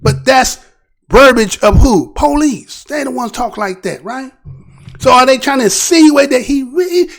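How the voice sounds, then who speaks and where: Male show host with a high, gravelly voice, talking through the news in an animated, off-the-cuff way. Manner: rhetorical, repeatedly asks "right?"; animated, restarts and trailing phrases. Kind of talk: casual news commentary.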